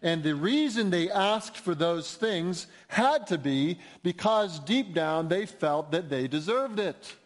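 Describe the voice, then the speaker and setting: A man's voice: sits high, lively intonation, takes it slowly, few pauses. A man preaching an expository sermon, emphatic and building intensity at key points. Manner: emphatic, rising to near-shouts when quoting cries. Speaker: pastor.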